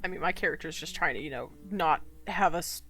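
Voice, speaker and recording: A woman running a tabletop game on a stream, giggly and jokey and quick to laugh. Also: sits low, a bit bright, soft background music. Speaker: game master. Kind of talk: casual tabletop game chat.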